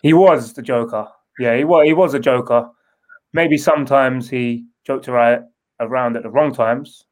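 Rambling ex-footballer. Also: male voice, mid-range voice, moderate pace, rough recording. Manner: loose, rambling, with many restarts. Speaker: former footballer guest. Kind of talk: casual interview.

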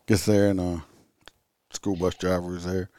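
A man telling police stories in a relaxed, casual chat. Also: deep voice, moderate pace, no echo.

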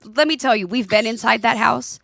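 Podcast co-host, woman, 40s, lively storyteller, dry studio sound. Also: a little high, brisk, creaky, no room sound. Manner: animated storytelling with laughs and quoted voices. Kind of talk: casual chat.

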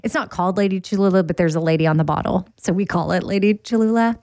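A woman co-hosting a podcast, talking in a relaxed, chatty way and laughing easily. Her voice sits in a middle pitch. It is recorded close and dry, with no room sound. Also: fast talker, dry recording. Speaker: podcast co-host. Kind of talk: casual chat.

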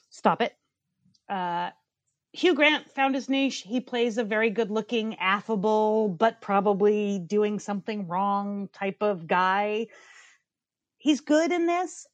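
A woman's voice: mid-range voice, no room sound. A woman co-hosting a podcast, giving blunt, profane, opinionated reviews in casual chat and ranting with bursts of laughter. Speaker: podcast co-host.

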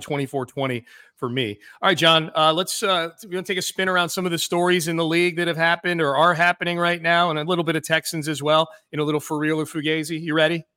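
A man hosting a casual sports podcast, talking quickly with jokes and many restarts. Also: a little high, pushed and bright, clean tone, no echo, clean studio sound. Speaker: sports radio host.

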